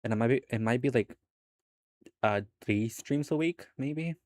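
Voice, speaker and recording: A man's voice: medium pitch, normal speed, darkish tone, dry recording. A young adult man streaming from home, chatting casually with his viewers in a laid-back way, laughing often and swearing now and then. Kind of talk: casual chat with live viewers.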